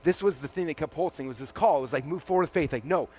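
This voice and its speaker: A man in his forties delivers a lively keynote on a big conference stage to a live audience. His voice is fairly high, and he acts out dialogue in rapid quotes while saying "like" constantly.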